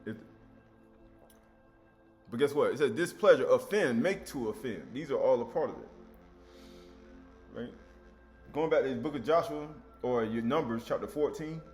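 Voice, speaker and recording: A man's voice: mid-range voice, normal speed, long pauses, darkish tone, soft background music. A man teaching scripture in an emphatic, conversational way, acting out the voices of people he quotes. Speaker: preacher.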